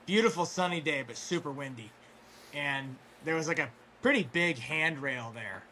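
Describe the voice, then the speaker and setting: A man telling a long story in casual chat, rambling with fillers and restarts, clearing his throat as his voice wears out. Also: a little high, normal speed, bright, forceful tone, a little hiss or hum. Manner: rambling, full of fillers and restarts, swears freely. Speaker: guest storyteller.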